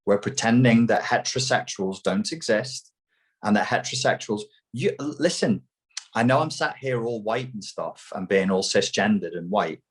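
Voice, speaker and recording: A man's voice: lowish voice, animated, moderate pace. A man as an interview guest, talking emphatically and mockingly, with plenty of swearing. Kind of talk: heated opinionated talk.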